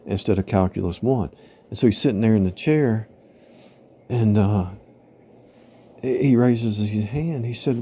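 With a fairly low, dark-toned voice, this man gives a loose spiritual teaching talk, rambling, repeating points, telling parables and asking "right?" or "you know?". He is a religious teacher, and there is slight background noise.

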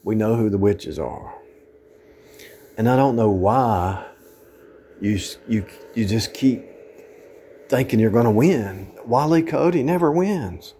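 A man's voice: on the low side, slow pace, long pauses, warm tone, a little hiss or hum. Man delivering a scolding informal sermon. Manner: scolding, rising to emphatic outbursts; quotes scripture in old-fashioned wording. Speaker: preacher.

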